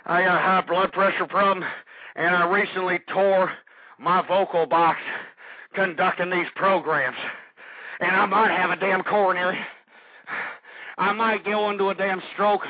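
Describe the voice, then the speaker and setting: A man hosting a call-in radio show, delivering a profane, blustering rant that swings into yelling. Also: sits high, dry recording. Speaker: radio talk show host. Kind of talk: ranting call-in radio monologue. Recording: muffled lo-fi internet radio.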